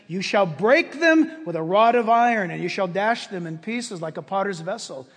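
A male pastor with a strikingly high voice preaches with passion and emphasis, often pushing up into shouts. His voice rings through a church with a long, echoing reverb trail. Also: expressive, normal speed, hardly any pauses, husky. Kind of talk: sermon. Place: church sanctuary with congregation.

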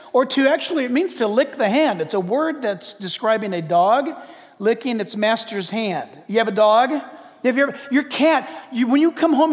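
A man preaching a sermon as pastor, in a lively conversational way with acted asides. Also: very high voice, in a large hall.

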